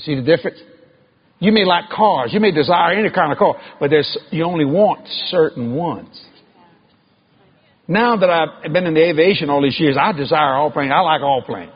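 A middle-aged man preaching to a congregation, his voice husky and pitched a little high. He climbs into high shouted peaks and stretches out key words slowly. The recording sounds muffled and lo-fi. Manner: emphatic preaching with sudden high shouted climbs and slow drawn-out stresses. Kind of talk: sermon.

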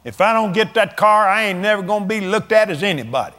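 A man's voice: sits high, animated, fast talker, pushed and bright. A man in his seventies preaching a folksy sermon, telling stories with a chuckle and plain colloquial talk. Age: 70s. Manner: storytelling, chuckling, drawling colloquial speech.

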